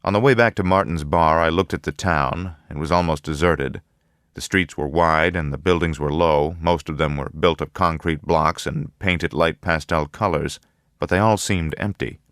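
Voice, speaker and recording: A man narrating a first-person audiobook in a measured, low-key, matter-of-fact way. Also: a bit bright, no room sound, studio quality.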